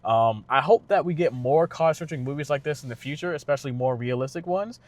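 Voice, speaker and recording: A man giving a casual spoken movie review, loose and conversational with lots of fillers and restarts. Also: on the high side. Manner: slangy retelling with quick impressions of characters. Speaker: car channel vlogger reviewing a film.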